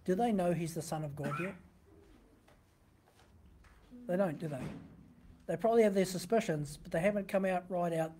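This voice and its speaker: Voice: mid-range voice, fast talker, warm tone, a little hiss or hum. A pastor giving a sermon, teaching conversationally from a printed text and often asking the listeners rhetorical questions.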